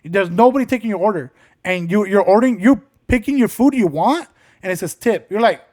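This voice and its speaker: A man's voice: sits high, lively intonation, a little fast, darkish tone. A young man co-hosting a casual podcast, telling rambling stories with lots of swearing and acted-out quotes. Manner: rambling storyteller, swears often, acts out quotes. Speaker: podcast co-host.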